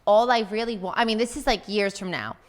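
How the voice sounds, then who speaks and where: A chatty woman guesting on a podcast, talking in a loose, rambling way full of fillers. Her pitch sits in the middle range. The room gives her voice a long echo. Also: fast talker. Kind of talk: casual chat.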